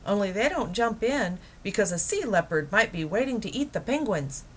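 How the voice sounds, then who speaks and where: A woman's voice: medium pitch, very animated, normal speed, a little hiss or hum, pitched above the performer's own voice, close to an everyday voice. A woman reading a children's book aloud, voicing an eager, dreamy middle-aged man who is enthusiastic about penguins. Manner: enthusiastic, wondering.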